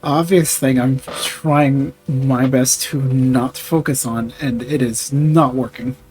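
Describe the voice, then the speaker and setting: A man's voice: mid-range voice, steady tone, slow, darkish tone, faint music behind, poor audio. A man giving wry, joking commentary while playing through a story game. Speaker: let's-play host.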